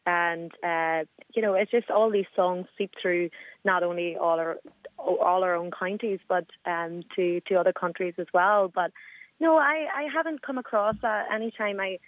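Woman, singer on a phone-in, friendly, hesitant, low-ish voice, thin dry line. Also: normal speed, no room sound, narrow, tinny audio. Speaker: singer, radio guest.

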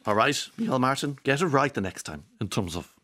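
Male radio presenter, rapid patter, rambling jokey asides, studio mic. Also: mid-range voice, big pitch swings, fairly bright tone. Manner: rapid, rambling, joking asides with frequent restarts. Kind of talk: lively morning radio chat.

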